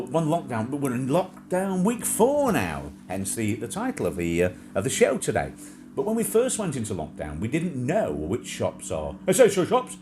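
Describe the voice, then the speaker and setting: A man chatting casually on a live stream, rambling and joking, often mimicking people in a high shrill voice. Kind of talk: casual chat.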